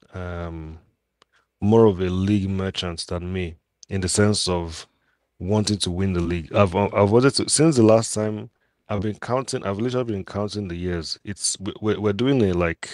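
A man talking in a measured, somewhat hesitant way in a casual football debate. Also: fairly low pitch, a little mellow, no room sound. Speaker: Chelsea fan pundit.

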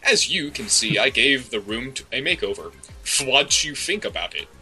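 A man voicing a vain, cheery old wizard headmaster in a squeaky, mock-cheerful falsetto during a comedic reading. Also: sing-song, normal speed, bright, forceful tone, poor audio. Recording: faint music bed behind.

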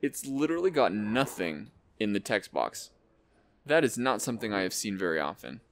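A man hosting an unboxing, excitedly calling out card names and cracking quick jokes as he goes. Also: lowish voice. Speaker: host opening card packs. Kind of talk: casual unboxing commentary.

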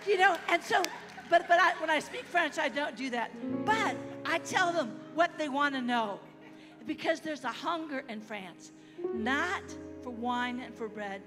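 A high-pitched American woman preaching to a congregation in a church hall with a long echo. She is animated and leads call-and-response. Music plays behind her. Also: unhurried. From United States. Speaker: guest missionary preacher. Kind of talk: sermon.

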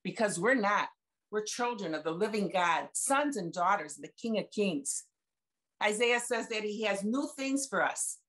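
A woman's voice: mid-range voice, animated, moderate pace, fairly bright tone. A woman in her seventies sharing a personal faith testimony over a video call, chatty and folksy, retelling conversations with emphasis. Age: 70s. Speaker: guest speaker sharing testimony.

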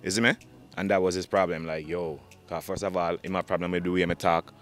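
A man with a Jamaican accent, a dancehall artist talking fast in animated patois in an interview. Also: low voice. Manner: fast animated patois, frequent "dog" and "you understand".

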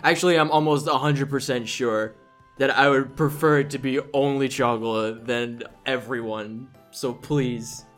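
A man commentating on a game he is playing, casual and sarcastic, often exasperated and swearing. He speaks at a mid pitch, with faint music underneath. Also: fairly even intonation, measured pace, a bit bright. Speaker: let's play host.

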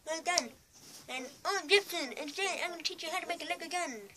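A man's voice: extremely high pitch, fast talker, noisy background, pitched above the performer's own voice. A boy voicing a cheeky made-up male tutorial presenter who is upbeat but lazy and unhelpful.

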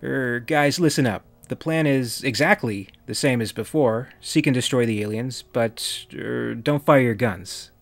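A man reading the lines of a hesitant male marine corporal from a comic parody, in a halting, awkward way. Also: medium pitch, vocal fry, soft background music. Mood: sheepish.

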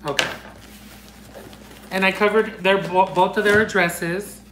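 A man unboxing fan mail in a casual chat, gushing and excitable, bursting into squeals and dropping into Spanish phrases. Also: high voice, a little slow, slight background noise. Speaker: unboxing vlogger. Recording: echoey room.

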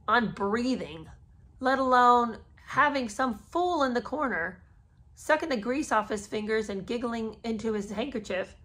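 A woman's voice: on the high side, a bit bright. A woman podcast host, a mother of three, reads a memoir aloud and breaks off into sarcastic, incredulous asides. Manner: sarcastic, incredulous asides between read passages. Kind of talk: reading a memoir aloud with commentary.

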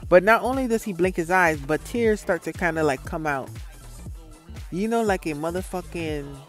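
A man's voice: high voice, moderate pace, soft background music. A man from Florida telling a rambling, profane story in a casual vlog monologue. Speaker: vlogger.

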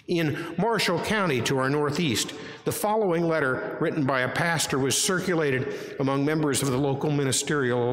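A man's voice: a little high, a bit bright, slight background noise. Earnest man preaching in an echoey church. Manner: measured, earnest preaching with rhetorical questions. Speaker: pastor. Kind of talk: sermon. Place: church sanctuary. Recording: echoey sanctuary with long reverb.

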